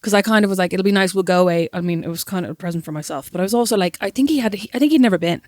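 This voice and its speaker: A young Irish woman co-hosting a podcast, telling a story in a lively, self-mocking way. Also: on the low side, rapid-fire, no echo, studio quality. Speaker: podcast co-host. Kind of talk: casual chat, storytelling.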